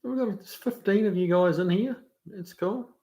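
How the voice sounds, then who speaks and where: Kiwi guy hosting a laid-back live chat, slightly high voice, laughs easily. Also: a little slow, dark tone. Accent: New Zealand. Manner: easygoing, laughs often, hesitant with fillers. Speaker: livestream host. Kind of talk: casual live chat, reading out viewer comments.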